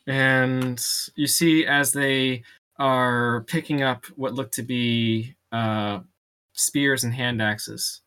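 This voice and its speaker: Bright-voiced man running a tabletop game. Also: medium pitch, steady tone, extremely slow, clean tone. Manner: loose and chatty, laughs between descriptions. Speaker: dungeon master.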